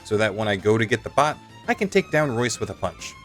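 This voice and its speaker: A man's voice: on the low side, big pitch swings, fairly quick, a bit bright, soft background music. A young man giving comedic gameplay commentary, joking and self-mocking with stammered restarts. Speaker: gaming youtuber.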